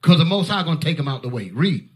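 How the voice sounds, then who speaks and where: A fiery male preacher with a high-pitched voice, driving his Bible teaching with force and sudden shouts. He barks short commands between points. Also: sing-song, quick pace.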